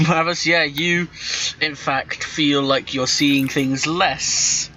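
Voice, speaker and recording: A man running a tabletop game as game master over a voice call, talking in halting bursts full of restarts. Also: on the high side, steady tone, pushed and bright. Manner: halting, with many restarts and stammers. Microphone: computer microphone on a voice call. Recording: dull voice-chat audio with faint noise.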